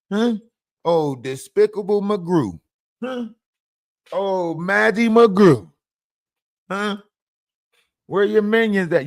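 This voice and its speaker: A man rants on his livestream in a taunting, profane way, repeating himself and prodding with "huh?". He speaks slowly in a slightly high voice. The recording is dry and close. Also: no echo. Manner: taunting, repetitive, profane, keeps asking "huh?". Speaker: livestream host. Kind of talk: profane live-stream rant.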